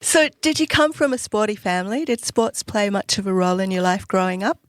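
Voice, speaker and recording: A woman co-hosts a business podcast, introducing the guest and asking follow-up questions with warm interest. Her voice sits in a middle pitch, and the recording is dry and close. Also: animated, brisk, dry recording. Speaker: podcast co-host. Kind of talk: casual interview hosting.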